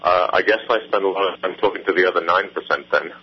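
A documentary filmmaker giving a radio interview by phone, answering in a quick, thoughtful way and correcting himself as he goes. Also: sits low, steady tone, husky, muffled recording.

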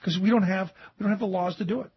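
A male radio host rants about politics in a high, raspy voice. He is animated and sarcastic and mocks his opponents. The sound is dull and lo-fi, dry and close. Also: quick pace, dry recording. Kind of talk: political commentary talk show.

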